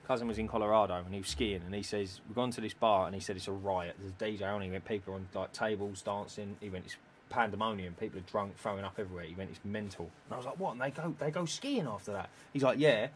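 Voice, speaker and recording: Fast-talking man telling stories. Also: on the low side, slight background noise. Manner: storytelling, laughs often, slangy. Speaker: podcast co-host. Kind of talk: casual chat.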